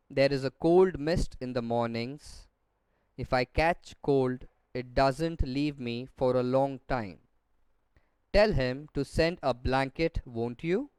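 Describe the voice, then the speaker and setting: A man reading aloud the part of a forgetful old mother, slowly and softly from a storybook. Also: medium pitch, clear, resonant tone, dry recording, lightly acted. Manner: slow and soft, read aloud from a textbook.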